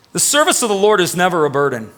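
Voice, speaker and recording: Emphatic bright-voiced pastor preaching live. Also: male voice, high voice. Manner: emphatic, conversational, questions the congregation. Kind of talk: live sermon. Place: church before a congregation.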